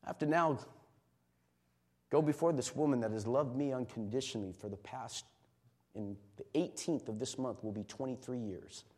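A middle-aged male pastor preaching a sermon, moving from quiet emotional confession to loud, shouted exhortation. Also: medium pitch, normal speed, slight background noise.

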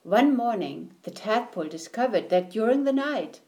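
A woman reading a children's picture book aloud in a gentle, deliberate storytelling manner. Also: a little high, animated.

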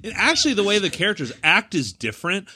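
Male podcast co-host with a bright, animated, high-ish voice, dry close mic, upbeat plot recaps. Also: fast, slightly rough, no echo. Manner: lively, recaps plots, laughs often. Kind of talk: casual movie chat.

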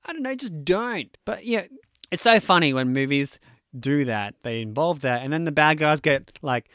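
A man with a high, light voice retells a film's plot in a loose, chatty way, joking along as he goes. The sound is close and dry, with no room around it. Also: moderate pace, smooth, dry recording. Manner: animated, chatty, jokey storytelling with fillers. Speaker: movie recapper. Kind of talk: casual movie recap.

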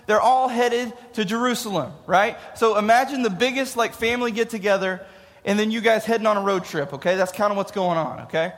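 A man's voice: sits high, fairly quick, fairly bright tone. A man in his thirties giving a casual youth sermon, joking and asking the crowd questions. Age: 30s. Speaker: youth pastor. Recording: long hall reverb.

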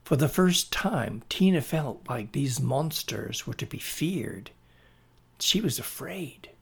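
A man reading a story aloud in a slow, deliberate way. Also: mid-range voice, lively intonation, breathy edge. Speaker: narrator.

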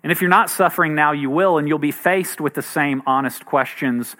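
A man's voice: on the high side, a little fast, few pauses, pushed and bright. A man in his thirties, a pastor giving a sermon in a conversational, earnest way. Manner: conversational and earnest, with light laughs.

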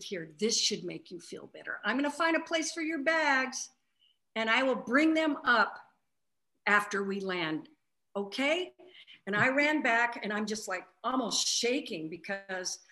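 A flight attendant tells a story in a casual spiritual conversation, acting out the quoted voices in an animated retelling. Her voice is a little high and her delivery a little slow.

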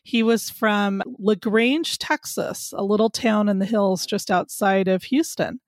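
A woman from California answering interview questions as a guest author, friendly and relaxed as she tells stories. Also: mid-range voice, measured pace, dry recording, clean studio sound. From California, USA.

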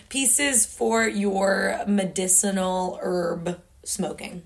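A young woman with a medium-pitched voice hosts a casual solo morning podcast, speaking slowly with few pauses. She's chatty and self-deprecating, laughing often as she admits she's just woken up and hasn't had her coffee yet.

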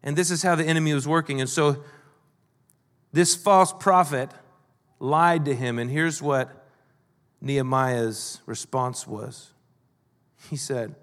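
A male pastor preaching a sermon, moving between emphatic and quiet delivery. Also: mid-range voice, slow, long pauses, in a large hall.

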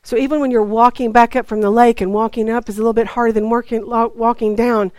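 Chatty woman preacher, higher voice. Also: little pitch movement, fast talker, a little mellow, no room sound. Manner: chatty, acts out dialogue with God. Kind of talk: storytelling sermon.

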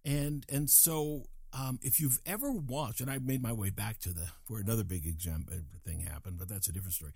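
Here a Colorado man, older, spins a casual, wandering story at his own expense and does impressions of the people involved. His fairly low, darkish voice is slightly rough and moves fairly quickly with few pauses, captured dry and clean in a studio.

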